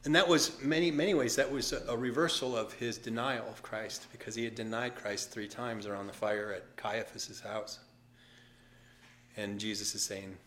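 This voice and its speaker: A male pastor preaching a sermon, telling the story lively and casually, with asides to the congregation. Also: on the low side, normal speed, slight background noise. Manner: animated storytelling with acted voices and asides.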